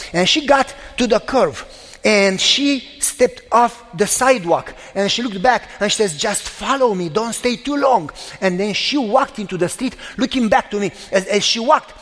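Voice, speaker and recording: High-voiced man preaching in an echoing hall. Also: a bit bright. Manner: emphatic storytelling with dramatic pauses and repetition. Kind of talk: sermon. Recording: long reverb of a large hall.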